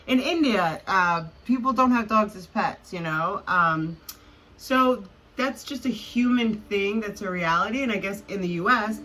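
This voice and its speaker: Chatty bright-voiced woman host. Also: mid-range voice, rough recording. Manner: rambling, chatty storytelling with many fillers. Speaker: podcast host. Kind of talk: casual conversation.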